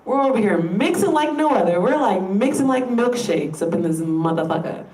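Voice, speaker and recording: A woman's voice: medium pitch, animated, moderate pace, a little mellow. Woman ranting casual and sweary, kinda far from the mic, echoey room. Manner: profane, rambling, emphatic. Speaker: vlogger. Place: room in an indoor workplace building.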